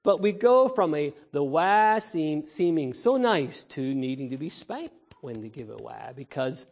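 A man preaching to the children in a Sunday sermon, his voice high for a man and swinging widely up and down. He takes his time, telling the story in an emphatic, storytelling way and calling out to the congregation for an amen. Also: sing-song, measured pace, gravelly, darkish tone. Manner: storytelling, imitates baby cries. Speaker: pastor.

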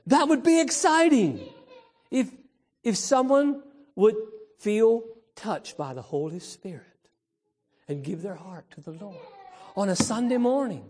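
A man preaching to the children in a Sunday sermon, his voice high for a man and swinging widely up and down. He takes his time, telling the story in an emphatic, storytelling way and calling out to the congregation for an amen. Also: expressive, unhurried, warm tone. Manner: storytelling, imitates baby cries. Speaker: pastor.

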